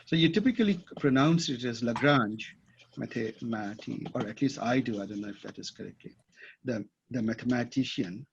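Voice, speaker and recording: A man's voice: mid-range voice, a little fast, gravelly, noisy background. A man teaching a class at a whiteboard, thinking aloud and often checking that his students follow. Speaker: instructor. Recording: dull lo-fi classroom recording.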